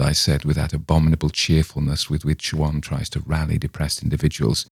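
Deep, gravelly man reading a story. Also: completely flat delivery, no room sound, studio quality. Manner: measured storytelling. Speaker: podcast host reading stories. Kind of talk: reading a short story aloud.

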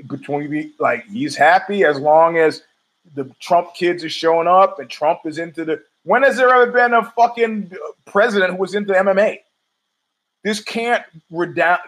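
Middle-aged man, fairly high voice, rambling, profane, opinionated podcast monologue. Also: fairly bright tone, poor audio. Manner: rambling, profane, many restarts. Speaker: podcast host.

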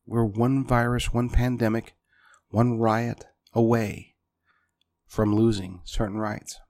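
A man's voice: mid-range voice, flat delivery, takes it slowly, darkish tone. A man delivering a punchy political commentary monologue, speaking directly to his listeners as folks.

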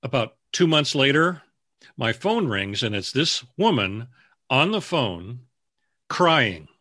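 A man's voice: medium pitch, sing-song, slow pace, pushed and bright, no room sound, clean studio sound. A man who works as a book editor, answering interview questions earnestly and acting out the people in his anecdotes. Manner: earnest, storytelling, acts out the people he quotes.

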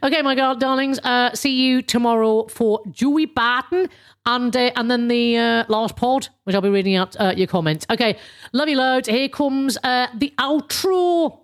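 A woman's voice: a little high, normal speed. A woman in her fifties hosting a casual solo podcast, chatty and rambling, with lots of restarts and swearing. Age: 50s. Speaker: podcast host.

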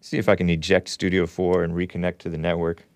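A man's voice: deep voice, flat delivery, fast, no echo. A man hosting a call-in talk show, delivering a combative, sarcastic monologue full of rambling asides.

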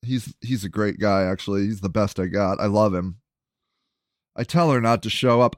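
A man's voice: lowish voice, normal speed, dry recording, studio quality. A man ranting angrily about politics on a livestream, swearing constantly. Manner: angry, profane ranting. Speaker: political commentator. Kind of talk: livestreamed rant.

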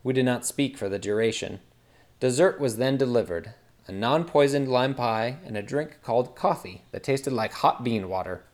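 A man's voice: medium pitch, moderate pace, darkish tone. A man narrating a comic fantasy story in a wry, dramatic storytelling manner.

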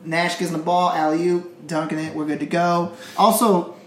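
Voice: medium pitch, little pitch movement, normal speed. Profane rambling podcast co-host. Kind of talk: casual sports chat. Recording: echoey room, faint hiss.

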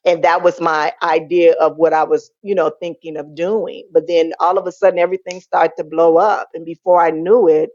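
A woman's voice: normal speed, hardly any pauses, dry recording. A woman in her forties or older, a podcast guest telling her story candidly and animatedly. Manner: animated, acts out quoted family voices in a high pitch. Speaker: interview guest. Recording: dull lo-fi dry sound.

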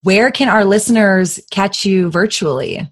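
A woman's voice: mid-range voice, a little slow. Woman podcast host, young, chatty and emphatic, talks with a mid-range voice. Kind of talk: casual podcast chat.

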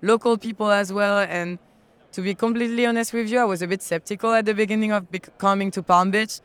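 A woman with a strong French accent speaks English as a second language, her voice smooth and clear. She talks in a chatty, halting way with plenty of fillers and restarts. She is recorded on a handheld mic at a conference expo hall. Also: medium pitch, steady tone. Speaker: guest, brand representative. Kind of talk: casual conference interview.

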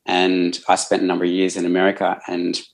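A man's voice: low-pitched, monotone, a little fast, vocal fry. An Australian man, a counsellor, explaining his work in a thoughtful, earnest way as a podcast guest. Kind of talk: casual conversational interview.

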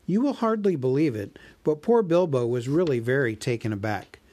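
A man reading a classic novel aloud in a measured narrating voice. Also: medium pitch, expressive, warm tone. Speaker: reader.

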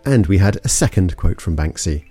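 Low, mellow male storyteller. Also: lively intonation, moderate pace, slightly rough, soft background music. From London. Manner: suspenseful storytelling. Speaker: podcast narrator. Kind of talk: scripted investigative narration.

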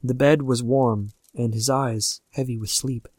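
A man narrating a classic horror story aloud with measured, steady storytelling. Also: mid-range voice, dry recording, studio quality.

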